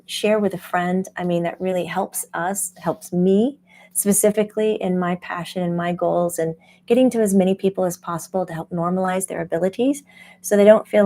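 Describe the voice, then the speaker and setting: A woman who hosts a spiritual channel as a medium, teaching casually in an animated way and laughing often. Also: mid-range voice, normal speed. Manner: animated, laughs often, acts out quoted voices.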